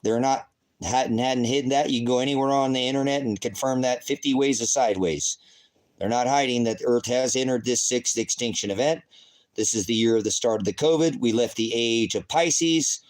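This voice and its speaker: A man's voice: medium pitch, normal speed, poor audio. A middle-aged man preaching in casual livestream commentary, rambling, firing off rhetorical questions and breaking into profane outbursts. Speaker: online preacher.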